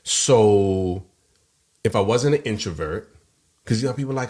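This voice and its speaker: A man's voice: medium pitch, lively intonation, moderate pace. A man co-hosting a podcast, telling a personal story in casual chat and acting out the voices of people he quotes. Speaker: podcast co-host.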